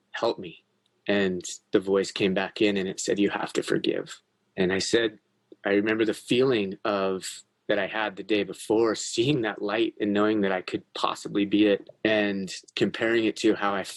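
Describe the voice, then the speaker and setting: A man with a low-pitched voice speaks as a podcast guest. He tells a personal story candidly and earnestly. He swears freely and doesn't hold back.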